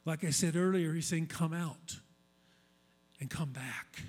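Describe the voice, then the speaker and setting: A man's voice: fairly high pitch, measured pace, darkish tone. A male pastor giving a sermon in a conversational, emphatic style, repeating key phrases for weight.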